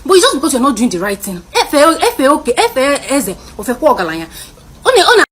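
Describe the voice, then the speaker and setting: A woman's voice: sits high, big pitch swings, quick pace, breathy edge. A young woman with a Nigerian accent, a student ranting to camera in exasperated rhetorical questions. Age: young adult. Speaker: university student. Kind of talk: selfie rant video.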